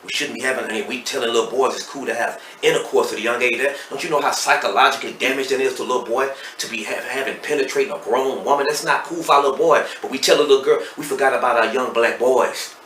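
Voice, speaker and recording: A middle-aged man with a Texas accent, speaking as a podcast guest and telling his story candidly and emotionally, swinging between loud and hushed. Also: medium pitch, fast talker, few pauses, recorded from a distance. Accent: Southern US, Texas. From Dallas, Texas. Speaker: podcast guest, hip hop artist. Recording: roomy echo, off-mic, faint noise.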